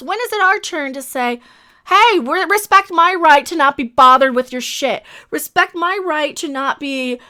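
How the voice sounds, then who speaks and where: Heated, bright-voiced woman ranting. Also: sits high. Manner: heated, emphatic, repetitive, swears often. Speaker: commentary channel host. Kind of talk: ranting video commentary.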